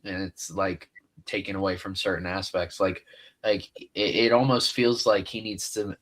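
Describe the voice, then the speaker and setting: A man co-hosting a TV reaction show, talking casually and haltingly with many fillers. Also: low-pitched, level tone, a bit bright.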